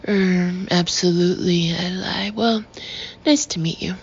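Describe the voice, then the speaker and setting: Gravelly woman narrating an audiobook. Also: on the low side, normal speed. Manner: reads dialogue with light character shading. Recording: slightly dull, faintly noisy audio.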